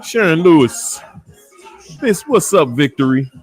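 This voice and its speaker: A man's voice: on the high side, very animated, unhurried, faint music behind. A man with a D.C. African American accent hosting a casual livestream, playfully calling out viewers by name and laughing often. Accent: African American English from Washington, D.C. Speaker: livestream host.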